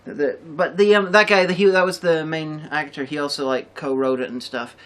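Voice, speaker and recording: A woman's voice: deep voice, steady tone, normal speed. A woman hosting a review show, chatting casually and enthusiastically, rambling and swearing freely. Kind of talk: casual chat.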